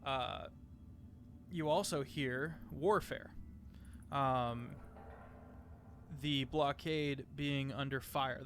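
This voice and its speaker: A man's voice: on the high side, fairly bright tone, slight background noise. A man narrating as game master of a tabletop game, hesitant, with many fillers.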